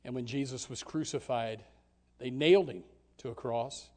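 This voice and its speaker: A man preaching a sermon with passion, jumping from loud exclamations to hushed lines and repeating words at the start of phrases. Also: medium pitch, normal speed.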